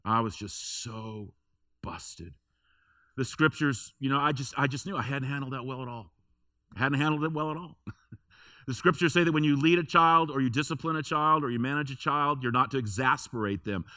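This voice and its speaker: A man's voice: medium pitch, normal speed, bright, forceful tone, no echo, studio quality. A man preaching a sermon in a church, telling a personal story in a conversational way with emphatic repetition. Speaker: pastor.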